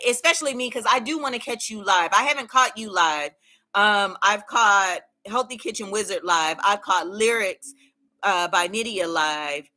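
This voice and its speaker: Hosting a casual livestream, a woman reads viewer comments aloud and cheers them on, laughing often and repeating phrases. Her voice is medium-pitched with a sharp tone.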